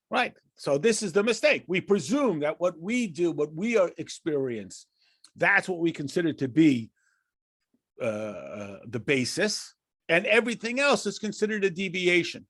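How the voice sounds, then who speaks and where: A man's voice: a little high, very animated, moderate pace, a bit bright, no room sound, studio quality. An American man teaching a conversational Torah lesson, asking and answering questions with frequent restarts and chuckles. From United States. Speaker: rabbi teaching a class.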